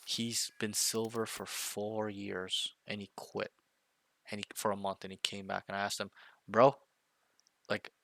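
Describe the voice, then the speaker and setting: A man's voice: fairly low pitch, flat delivery, normal speed, gravelly, sharp tone. A man coaching a player one on one, talking bluntly and intensely, with some swearing, and often checking in with "okay" and "right". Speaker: game coach.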